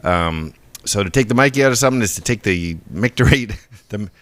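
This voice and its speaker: A man co-hosting a podcast, casually explaining word origins in a relaxed way and often stopping to restart his sentences. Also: fairly low pitch, a little fast. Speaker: podcast co-host.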